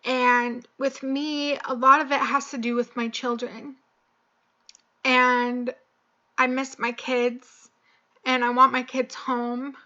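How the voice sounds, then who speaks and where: A young woman talking slowly and haltingly in a personal video, choked up and emotional, with many pauses and fillers. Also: high-pitched, flat delivery, pushed and bright, dull audio. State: tearful, choked up. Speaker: vlogger. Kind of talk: personal confessional vlog.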